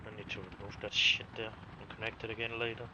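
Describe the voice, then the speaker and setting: A man's voice: on the low side, level tone, quick pace, noisy background. A man hosting a game stream, chatting casually and hesitantly with lots of fillers. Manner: hesitant, many fillers and restarts. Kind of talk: casual chat while gaming.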